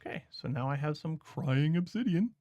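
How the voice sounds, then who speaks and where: A man's voice: on the high side, expressive, normal speed, dark tone, no echo, lo-fi sound. A man streaming a game, chatting casually with his viewers while he thinks aloud about what he is doing. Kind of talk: casual gameplay commentary.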